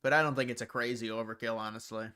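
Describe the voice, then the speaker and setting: A man chats loosely on his own livestream, wandering from point to point and answering viewers as he goes. His voice is smooth and clear. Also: mid-range voice, steady tone, quick pace, pushed and bright. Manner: rambling, answers viewers' comments. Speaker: livestream host. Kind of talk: casual livestream chat.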